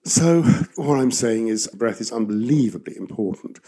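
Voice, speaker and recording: A man's voice: mid-range voice, animated, normal speed, dark tone. A man who coaches actors, explaining verse speaking in a reflective way and growing emphatic when he gives advice. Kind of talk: expert explaining in a conversation.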